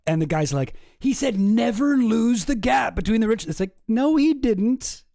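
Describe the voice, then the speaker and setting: Male commentary host; casual, rambling, sarcastic delivery in a high, gravelly voice. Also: expressive, moderate pace, warm tone.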